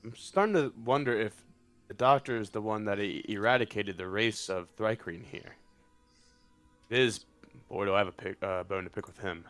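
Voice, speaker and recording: A man's voice: lowish voice, moderate pace, a bit bright, soft background music. A man playing in a tabletop game, talking casually and speculating about the story. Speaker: player. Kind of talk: casual in-character chat.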